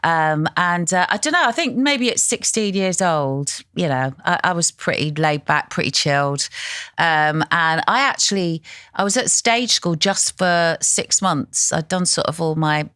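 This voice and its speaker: A woman's voice: lowish voice, measured pace, fairly bright tone, clean tone, dry recording, clean studio sound. A well-spoken English woman in her fifties from Essex, a television presenter telling stories as a podcast guest and laughing often. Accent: well-spoken southern English. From Essex, England. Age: 50s. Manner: chatty storyteller, laughs often. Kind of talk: casual interview chat.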